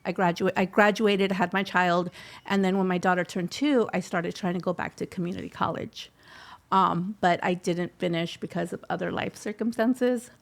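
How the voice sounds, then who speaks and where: This middle-aged woman's voice is fairly low, steady and creaky, at a moderate pace. As an interview guest who received a scholarship, she shares her story from the heart, weaving Spanish phrases into her English.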